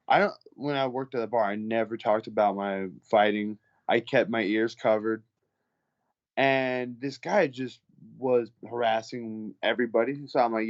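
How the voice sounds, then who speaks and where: In this interview clip, a man who fights at heavyweight spins laid-back stories at a moderate pace, his medium voice heard with the highs cut off. He curses without restraint and performs the voices of whoever he's quoting.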